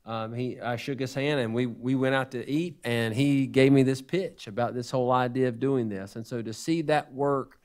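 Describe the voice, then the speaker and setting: A man's voice: medium pitch, normal speed, hardly any pauses, darkish tone. A man giving an unscripted report to a school board, earnest and hesitant, often restarting his sentences.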